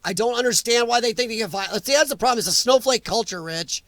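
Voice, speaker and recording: A man's voice: very high-pitched, expressive, fast talker, a bit bright, dry recording. A man hosting a casual live stream, ranting bluntly with strong opinions while reading viewer comments.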